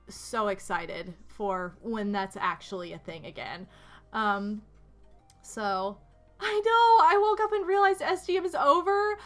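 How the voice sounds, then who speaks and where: A young woman streamer chatting casually with her viewers, gushing and excitable, full of restarts and fillers. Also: medium pitch.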